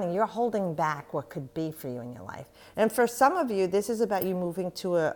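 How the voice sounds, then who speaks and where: A woman's voice: lowish voice, darkish tone. A middle-aged woman giving a tarot reading, talking straight to the viewer in an encouraging way. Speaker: tarot reader.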